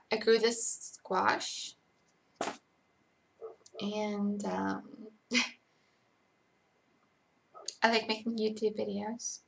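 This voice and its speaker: A young woman casually answering chat questions on a live stream, hesitant, with frequent ums and pauses. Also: mid-range voice, vocal fry.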